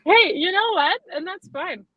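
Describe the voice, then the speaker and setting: A young woman from Alberta telling profane, animated party stories as a podcast guest in casual chat. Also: very high-pitched, measured pace, lo-fi sound, a crowd in the background. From Alberta, Canada. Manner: chatty, profane, animated storyteller. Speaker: podcast guest, western photographer.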